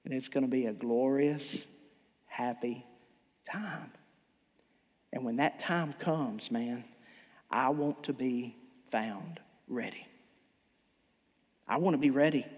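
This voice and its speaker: A male pastor with a husky, medium-pitched voice preaches an impassioned, emphatic sermon, speaking slowly with long pauses and repeatedly stumbling into restarts. The church he's in gives the sound a long reverb.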